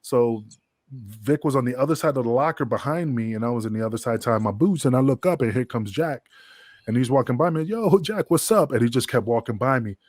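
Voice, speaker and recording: A man's voice: mid-range voice, brisk, darkish tone, no echo, studio quality. A man, a guest wrestler, telling a long, rambling, profane backstage story in an interview. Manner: rambling, profane, full of fillers.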